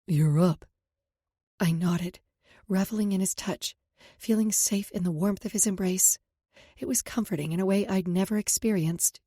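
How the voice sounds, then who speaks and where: A woman's voice: medium pitch, mellow, breathy edge, no echo. A woman narrating a first-person romance audiobook in an emotive, intimate storytelling manner, recorded on a close studio mic.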